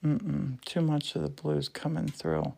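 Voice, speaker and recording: A woman's voice: deep voice, flat delivery, unhurried, vocal fry, mellow. A woman hosting a casual live demo from a glass studio, gushing with affection and chatting to her viewers. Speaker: livestream host. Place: indoor glass fusing studio.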